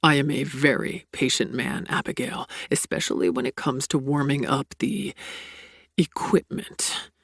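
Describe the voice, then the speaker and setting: A woman voicing a domineering, seductive man with a low growling murmur in an audiobook. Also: animated, a little slow, vocal fry, no room sound, clean studio sound, heavily acted. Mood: menacing.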